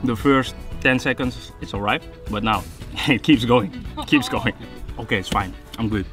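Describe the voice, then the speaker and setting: A man's voice: medium pitch, moderate pace. A young man chatting playfully with friends and laughing often during a spicy sauce challenge. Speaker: trampoline trick player. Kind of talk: casual chat between friends. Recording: loud background music.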